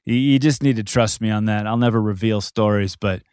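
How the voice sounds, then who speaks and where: A man co-hosting a podcast in casual chat, animated and laughing often, repeating words as he gets going. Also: fairly low pitch, fairly quick, clean tone, no room sound, clean studio sound. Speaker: podcast co-host.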